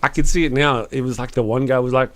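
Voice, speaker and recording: A man hosting a live stream, reading chat comments out loud in a wry, chuckling, fast manner. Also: medium pitch. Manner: animated, chuckling, wry, quick after lots of coffee. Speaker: live-stream show host.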